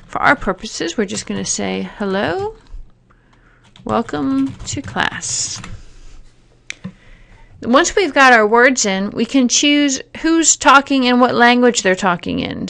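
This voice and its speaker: Woman, slightly high voice, gravelly, step-by-step tutorial narration. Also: fairly bright tone. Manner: plain, step-by-step explaining with fillers. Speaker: teacher giving a software tutorial. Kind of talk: screen-recorded tutorial narration.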